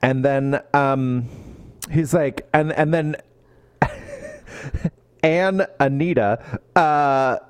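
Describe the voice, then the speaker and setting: A man co-hosting a podcast, chatting casually about a book and acting out characters' lines in quick quoted voices. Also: medium pitch, clean tone. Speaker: podcast co-host.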